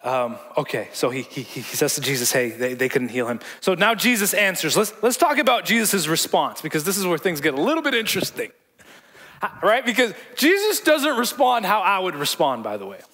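High, bright-voiced pastor preaching. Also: male voice, sing-song, fairly quick, long reverb tail. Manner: conversational, repeats words, jokes with the congregation. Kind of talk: sermon. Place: church hall.

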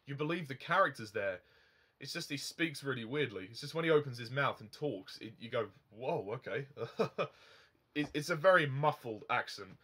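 A young man talks through a film review in an easy, unscripted way. He rambles, fills his pauses with ums and chuckles at his own comments. His voice sits at an ordinary middle pitch for a man. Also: expressive, bright, forceful tone. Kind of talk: casual film review monologue.

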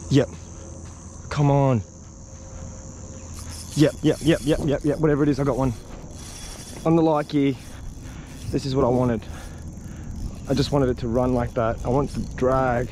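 A man narrating his own fishing trip in a casual vlog, excitable and swearing when the fish won't bite. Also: mid-range voice, unhurried, pauses often, a little hiss or hum. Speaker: fishing vlogger. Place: outdoors on the water.

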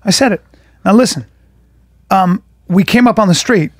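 A middle-aged man with a notably high voice spins a rowdy tale on a podcast. He talks loosely, swears freely and jumps into other people's voices as he goes. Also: normal speed. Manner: animated, profane, acts out other people's voices. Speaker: podcast co-host. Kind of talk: casual storytelling chat.

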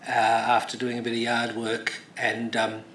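A man's voice: medium pitch, completely flat delivery, normal speed, fairly bright tone, slight background noise. Middle-aged man speaking in an echoey hall. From Australia. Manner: storytelling, many fillers and restarts; rousing and emphatic. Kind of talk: speech.

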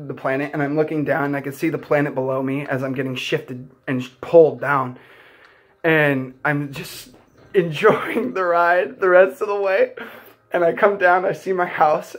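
A young man vlogging, telling a personal story in an earnest, heartfelt, rambling way full of "like" fillers. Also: a little high. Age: young adult.

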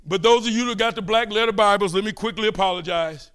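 An older man preaching a fervent sermon, calling out and pleading with his listeners between quieter asides. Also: high voice, fast talker, clean tone.

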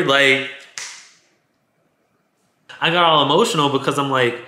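A man's voice: mid-range voice, fairly even intonation, a little slow, pauses often, bright, forceful tone. A man telling a personal story to his viewers in a candid, emotional way, swearing freely and stumbling over his words. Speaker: storytime vlogger. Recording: echoey room sound.

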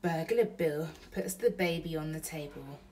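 A mother reading a bedtime storybook aloud to her baby in a slow, gentle pace. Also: low-pitched, recorded from a distance, slight background noise.

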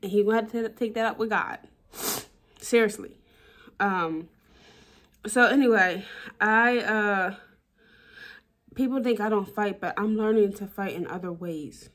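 A woman's voice: mid-range voice, measured pace, pauses often, fairly bright tone. A woman vlogging candidly about her relationship, emotional and blunt, swearing and repeating herself for emphasis. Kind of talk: personal vlog, talking to camera.

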